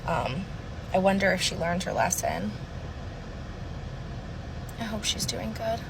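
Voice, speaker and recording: A woman's voice: mid-range voice, sing-song, slow pace, gravelly, noisy background. A woman telling a casual story, explaining plainly and then musing aloud.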